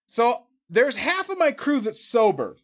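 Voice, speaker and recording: A man talking as a podcast guest, telling a story in a casual, profane, animated way and acting out voices. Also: very high voice, measured pace.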